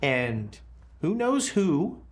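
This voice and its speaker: Slow, halting horror game master. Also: medium pitch, sing-song. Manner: halting, full of fillers and restarts. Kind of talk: narrating a horror tabletop game. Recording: roomy echo.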